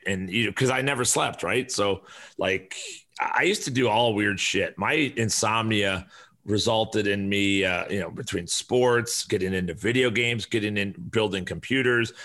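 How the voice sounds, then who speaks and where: Gravelly, bright-voiced profane podcast host. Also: male voice, fairly low pitch. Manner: profane, rambling, animated storyteller. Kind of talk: casual podcast chat.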